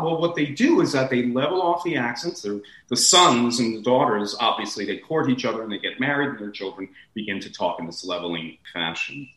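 An American man speaking as a guest, animated and rambling, with big swoops in pitch. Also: a little fast, few pauses, echoey room, low-quality recording. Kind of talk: casual discussion.

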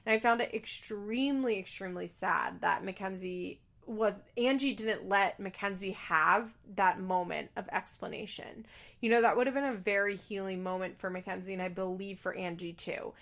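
A woman's voice: medium pitch, moderate pace, fairly bright tone. A young woman giving a casual, opinionated recap of a reality show, blunt and exasperated, swearing freely.

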